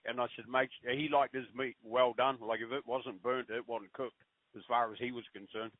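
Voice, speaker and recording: Halting middle-aged man over a tinny line. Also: mid-range voice, fairly even intonation, dry recording. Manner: rambling storyteller, halting restarts. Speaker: podcast guest. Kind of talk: casual chat. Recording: tinny phone-line audio.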